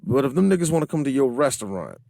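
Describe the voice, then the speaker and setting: A man's voice: mid-range voice, very animated, quick pace, vocal fry, warm tone, no room sound, studio quality. A man co-hosting a movie podcast, chatting loosely, laughing often and acting out scenes. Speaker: podcast co-host. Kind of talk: casual movie podcast chat.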